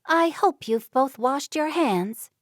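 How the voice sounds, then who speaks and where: A woman's voice: sits high, lively intonation, slow pace, no echo, clean studio sound, voice pushed up. A woman voicing a firm, prying middle-aged Amish mother in a storybook reading. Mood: brisk.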